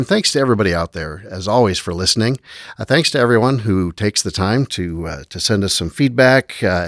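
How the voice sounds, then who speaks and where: A man hosting a podcast, thanking guests and signing off in a friendly, relaxed way. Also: lowish voice, vocal fry, no room sound, studio quality. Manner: friendly, relaxed host with frequent "uh" fillers. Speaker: podcast host. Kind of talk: podcast wrap-up and sign-off.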